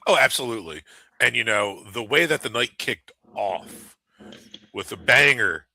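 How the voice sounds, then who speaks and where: A man co-hosting a wrestling talk show, chatting in an animated, rambling way. His voice is gravelly, with a fry at the edges. The tone is very bright and forward. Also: medium pitch, measured pace, no room sound, poor audio. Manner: animated, laughs often, rambling. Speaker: wrestling podcast co-host. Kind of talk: casual chat.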